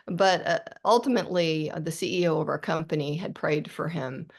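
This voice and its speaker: A woman's voice: low-pitched, fairly quick, creaky. A middle-aged woman, an author guest on a podcast interview, talking earnestly and reflectively with frequent restarts.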